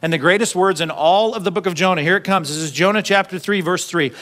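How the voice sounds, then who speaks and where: A man's voice: high-pitched, animated, a little fast, fairly bright tone. A man preaching a sermon in a conversational way, often asking the congregation questions and repeating words as he goes. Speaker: pastor.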